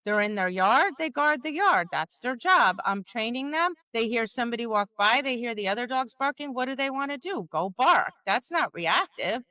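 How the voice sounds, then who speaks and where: A woman's voice: on the high side, animated, normal speed, hardly any pauses, bright, forceful tone, dry recording. A woman co-hosting a podcast as a dog trainer, talking in an emphatic, casual way that acts out quotes. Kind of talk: casual conversational chat.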